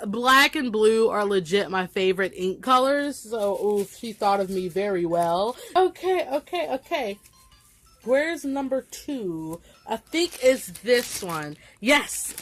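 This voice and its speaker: A young woman with a slight Southern country accent, unboxing a gift package in a casual vlog and gushing over each item with excited exclamations. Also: a little high.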